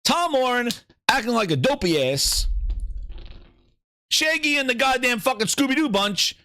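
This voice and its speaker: A man's voice: very high voice, sing-song, normal speed, pushed and bright, no echo, studio quality. A man hosting a gaming channel, delivering a heated, profanity-laced solo rant.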